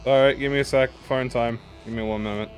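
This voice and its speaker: A young man with a mid-range, steady voice talks quickly while streaming a video game, chatting with his viewers in a rambling, self-mocking way. It's casual gameplay commentary aimed at chat, with game music playing behind him.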